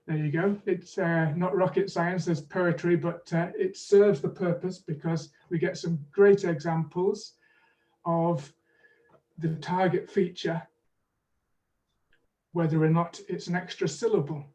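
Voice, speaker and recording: Brief: male pronunciation teacher on a webinar, light high voice, slow careful delivery, sits back from the mic. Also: steady tone, darkish tone, distant mic. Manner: measured and explanatory, leads drills. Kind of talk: online teaching webinar with demonstrations.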